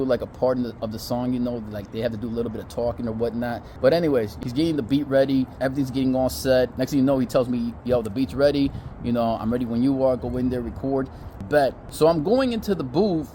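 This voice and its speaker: A man's voice: medium pitch, warm tone, a little hiss or hum. A man telling stories in a casual vlog, in a loose, profane and chatty way. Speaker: storyteller.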